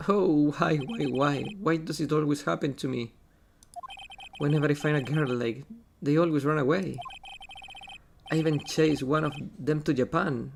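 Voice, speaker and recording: A man's voice: a little high, moderate pace, creaky, a little hiss or hum. A man voicing a bumbling, lovesick young man who rambles and whines, with game music behind. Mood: whiny.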